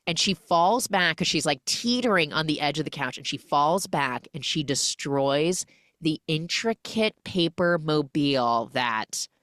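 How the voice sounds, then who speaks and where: Podcast host, woman with a low voice, dry close sound, chatty recap that slips into character voices. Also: animated, fairly bright tone, dry recording. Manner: chatty, acts out characters' lines in quick voices. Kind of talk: animated film recap.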